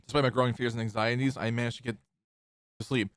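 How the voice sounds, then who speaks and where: A man's voice: mid-range voice, steady tone, fast talker, clean tone, no echo. A man streaming a game who reads the story text aloud and chats in a rambling way, laughing easily. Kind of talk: casual play-along narration of a visual novel.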